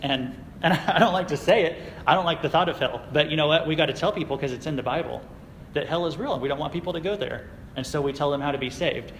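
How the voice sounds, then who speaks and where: Man, youth sermon, casual conversational delivery, fairly high voice, long church reverb, faint background noise. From United States. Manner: casual, conversational preaching with fillers and quick laughs. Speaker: youth pastor. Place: church sanctuary.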